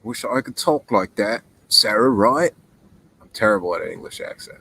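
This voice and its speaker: Relaxed, rambling man hosting a call-in show. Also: fairly low pitch, normal speed, vocal fry, slight background noise, rough recording. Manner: relaxed, rambling, easily amused. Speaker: host. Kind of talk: casual call-in show chat. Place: outdoors by a fire in the mountains. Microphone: laptop mic.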